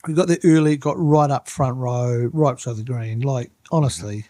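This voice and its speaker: A middle-aged man with a New Zealand accent, telling lively stories in a casual chat and acting out the people in them. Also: medium pitch, normal speed, no room sound, clean studio sound. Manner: animated anecdotes, acts out other people's voices. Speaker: guest, turf manager.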